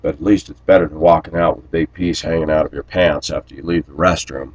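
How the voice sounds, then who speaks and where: A man delivering a rambling personal monologue to camera, blunt and aggrieved, often clearing his throat. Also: rumbling low, steady tone, quick pace, a little mellow, muffled recording. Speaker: vlogger.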